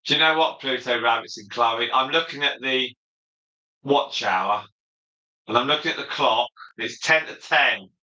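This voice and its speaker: The livestream host's voice is mid-range and moderately paced, very bright with sharp edges, bouncing off an echoey room. He keeps things relaxed, reading each viewer comment aloud before answering it.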